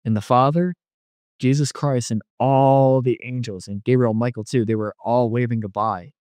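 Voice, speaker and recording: A man's voice: mid-range voice, fairly even intonation, moderate pace, darkish tone, no room sound, clean studio sound. A man telling his near-death experience in casual testimony, rambling with many "like" fillers and quoting what was said to him.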